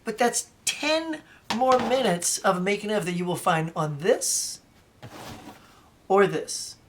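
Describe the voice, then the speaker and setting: A woman's voice: mid-range voice, takes it slowly, slight background noise. A woman, chatting casually while showing off her movie collection, wandering off topic now and then. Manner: chatty, animated, says "y'all", wanders off topic. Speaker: collector vlogger. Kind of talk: casual show-and-tell vlog.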